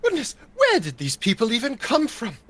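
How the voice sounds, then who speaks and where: A man playing a frivolous, fawning aristocratic gentleman with pompous, fussy manners in a tabletop game. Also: very high-pitched, huge pitch swings, moderate pace, no room sound, pitched above the performer's own voice, heavily acted. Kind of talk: improvised tabletop role-play.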